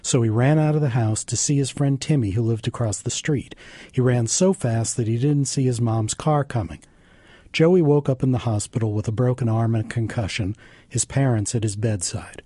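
A man, a writer, reading his own short story aloud in a dry, deadpan way. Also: medium pitch, moderate pace, slightly rough, dry recording.

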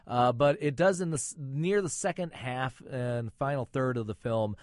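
A man's voice: medium pitch, normal speed, no room sound, studio quality. A man reviewing films and chatting on the radio, with chatty joking asides. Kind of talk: casual radio chat.

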